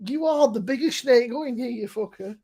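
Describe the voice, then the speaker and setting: A man's voice: very high-pitched, normal speed, dark tone, breathy edge. A man, a guest on a casual live chat, teasing and sweary.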